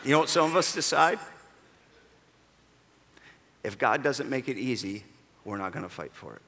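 A man's voice: medium pitch, lively intonation, normal speed, pushed and bright. A man preaching a sermon as pastor, with emphatic delivery that calls for answers from the congregation, echoing in a large church auditorium. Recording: long reverb of a large hall.

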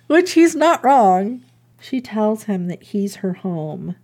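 A woman's voice: mid-range voice, big pitch swings, takes it slowly, darkish tone. A woman hosting a casual chat, retelling a story in an irreverent, giggly way with swearing. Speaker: podcast host.

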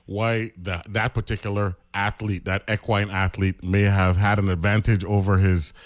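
A man with a lowish voice hosts a casual radio interview. He stammers, restarts his sentences and keeps asking for agreement. The sound is a radio broadcast. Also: little pitch movement, normal speed. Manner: stammering, repeats words, asks for agreement with "right?". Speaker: radio show host.

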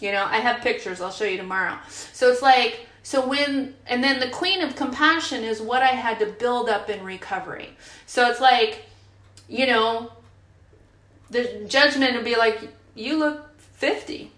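At a moderate pace, a woman in her fifties speaks in a slightly high, somewhat bright voice during a casual share at a recovery retreat. She's candid and talkative, using many fillers, and the meeting-room recording is roomy and imperfect.

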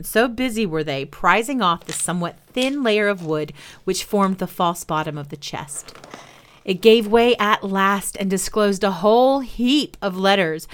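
Expressive woman reading old children's stories. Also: mid-range voice. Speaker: storyteller.

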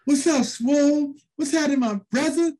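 A man putting on a high jive-talking prankster. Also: moderate pace, warm tone. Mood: joking. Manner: exaggerated slangy high-pitched put-on voice. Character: jive-talking male wrestler prankster, joking.

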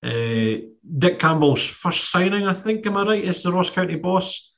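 A man's voice: high voice, animated, normal speed, creaky, fairly bright tone. A Scottish man hosting, asking loose questions with many fillers. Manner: hesitant, filler-heavy questions. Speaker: podcast host. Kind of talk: casual interview.

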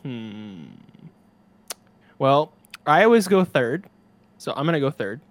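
A man's voice: mid-range voice, sing-song, takes it slowly, no echo. A man who is a guest on a podcast, talking casually in a dry, teasing way. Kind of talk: casual chat.

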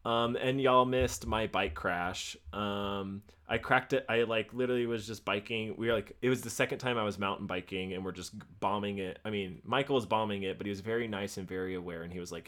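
A man's voice: fairly low pitch, fairly even intonation, fairly quick, hardly any pauses, a bit bright. A man in his thirties, a podcast co-host, talking casually with a lot of rambling, swearing and laughter. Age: 30s. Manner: rambling, profane, laughs often. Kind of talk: casual chat.

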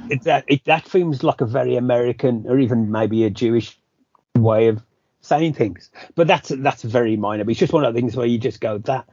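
A man's voice: medium pitch, a little fast, a little mellow, breathy edge, no room sound, dull audio. A British man co-hosting a podcast, chatting casually about a film, rambling with lots of restarts. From Britain. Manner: rambling, self-correcting, many restarts. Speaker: podcast co-host.

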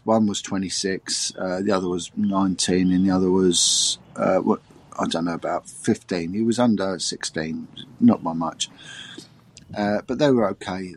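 A middle-aged man, a former detective telling a personal story in an interview, halting and repeating his words. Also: sits low. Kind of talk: emotional personal testimony.

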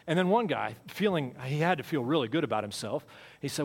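A male pastor delivers a sermon with a somewhat high voice, which rings out with a long reverb in a church sanctuary. He keeps the tone conversational and repeats his key phrases for emphasis. His volume swings from loud bursts to near-murmurs. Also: lively intonation, a little fast, vocal fry.

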